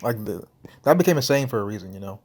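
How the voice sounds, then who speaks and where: Talking fast with a breathy edge, a young St. Louis-area man comments on a story game and reads its text in a relaxed, slangy way, sometimes chewing as he speaks. His pitch is fairly low and his intonation lively.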